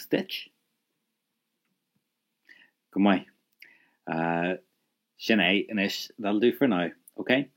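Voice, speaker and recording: A man's voice: on the low side, animated, slow, long pauses. A man leading a spoken language lesson, patiently prompting the listener to repeat phrases and praising each answer. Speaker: language teacher.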